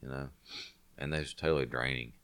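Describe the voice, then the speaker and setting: A man's voice: very deep voice, fairly even intonation, moderate pace, fairly bright tone, clean tone. A congested man in casual podcast chat, rambling and restarting his sentences often. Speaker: podcast co-host.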